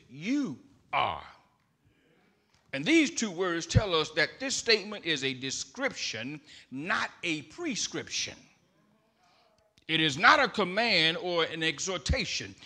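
A male pastor delivering a sermon with a high, very bright voice. He speaks slowly and deliberately, with wide pitch swings. His delivery rises from hushed phrases to shouted emphasis. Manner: builds to shouted emphatic preaching. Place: church.

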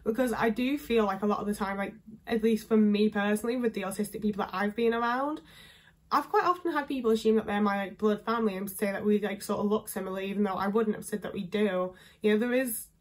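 A woman's voice: medium pitch, fast. Chatty young woman, northern english accent. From England. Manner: chatty, lots of fillers, candid. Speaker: vlogger. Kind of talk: casual talking-head chat.

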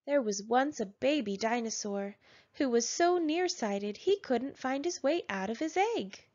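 A woman reading a children's picture book aloud with gentle, measured storytelling. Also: a little high, lively intonation. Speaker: storybook narrator. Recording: dull lo-fi sound.

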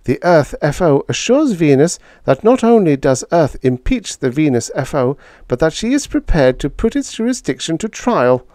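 Dude doing an older lady doctor, breathless, higher voice, kinda urgent. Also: huge pitch swings, normal speed, few pauses, darkish tone, no echo, clean studio sound, heavily acted. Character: older woman scientist, anxious and sharp.

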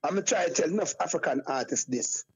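Husky Jamaican man in rambling patois. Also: fairly high pitch, expressive, fast talker. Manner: rambling patois, repeats phrases like "you get me, I say". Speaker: guest. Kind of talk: casual conversational interview. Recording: dull lo-fi sound.

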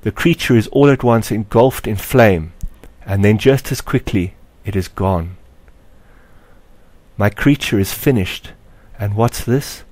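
A man with a low voice narrates a story in a measured, expressive audiobook style. The recording is dry and close, with no room echo. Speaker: author reading his story.

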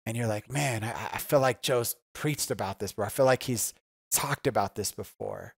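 A pastor giving a conversational, earnest sermon, often asking "right?" and repeating key phrases for emphasis. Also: male voice, medium pitch, moderate pace, gravelly, husky, no echo.

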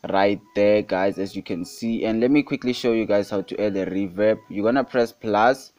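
This music production tutorial host is a young man from South Africa with a low, slightly mellow voice, speaking at normal speed with no echo. It's a casual screen recording with a beat underneath, and he repeatedly says guys and calls things super hot.

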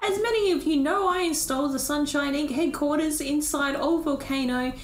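A woman's voice: high-pitched, moderate pace, roomy sound, a little hiss or hum, voice pushed up, close to an everyday voice. A woman voicing a grandiose, smug robot company boss who makes showy speeches, with an Australian accent.

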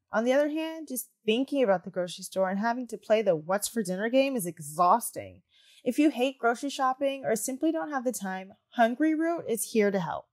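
Give me a slightly high-voiced woman doing an upbeat scripted ad read. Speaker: podcast host reading an ad.

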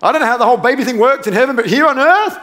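A man voicing a flustered, bewildered young woman named Mary, talking in a raised, rushed and incredulous way. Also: very high voice, pushed and bright, pitched above the performer's own voice. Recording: long church hall reverb.

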